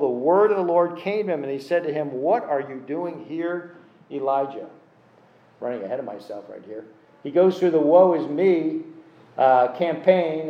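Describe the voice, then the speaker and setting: A man preaching a sermon, teaching with emphatic, expressive delivery and self-deprecating asides. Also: a little high, roomy sound, poor audio.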